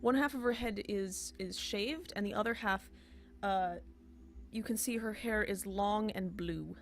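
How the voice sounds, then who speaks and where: A woman narrating a tabletop game as game master, halting with fillers and restarts. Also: mid-range voice, slight background noise.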